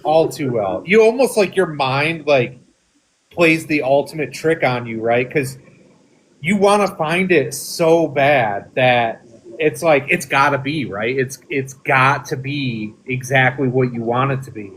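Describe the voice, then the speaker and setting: A man chatting on a podcast in a relaxed, reflective way. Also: mid-range voice, a little slow, slight background noise, low-quality recording. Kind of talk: casual chat.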